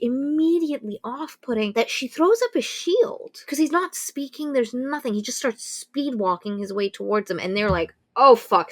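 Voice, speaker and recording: A woman co-hosting a book podcast, retelling a plot casually and animatedly, swearing and acting out quotes. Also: mid-range voice. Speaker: podcast co-host. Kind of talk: casual book review chat.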